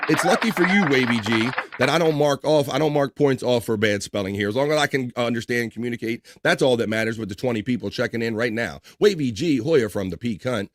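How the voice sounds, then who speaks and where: A man's voice: medium pitch, no room sound, studio quality. A man hosting a casual live stream, reading viewer comments aloud and bantering with his chat. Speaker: livestream host reading chat. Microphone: studio microphone.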